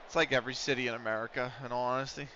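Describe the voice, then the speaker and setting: His medium-pitched voice stays steady yet races along, pushed and bright, with a little hiss or hum behind it. He's a US-based streamer of a football management game who drifts into casual talk between play-by-play, heard through dull lo-fi audio.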